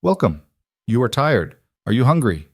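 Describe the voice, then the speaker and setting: Man voicing a brisk older housekeeper woman. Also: medium pitch, sing-song, husky, dry recording, clean studio sound. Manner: curt, no-nonsense, motherly.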